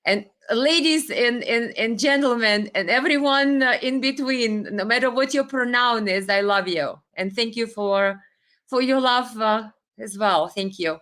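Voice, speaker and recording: A woman's voice: fairly high pitch, measured pace, a bit bright. A woman hosting a livestream, talking earnestly and heartfelt to viewers on a webcam, tearful at times. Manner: earnest, heartfelt, reads viewer comments aloud. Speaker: livestream host. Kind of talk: emotional livestream talk.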